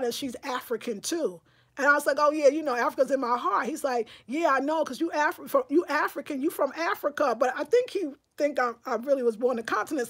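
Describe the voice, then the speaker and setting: A woman hosting a livestream in casual chat, reading viewer comments aloud and answering them in a talkative, animated way, with bursts of excited exclamation. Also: high-pitched. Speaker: livestream host.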